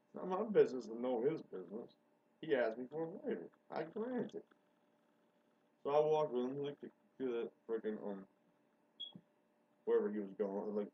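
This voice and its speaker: Man, rambling monologue, excitable, foul-mouthed, husky voice, lively jumpy pitch, dull lo-fi recording. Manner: excitable, swears a lot, swings from mutters to outbursts. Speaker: show host.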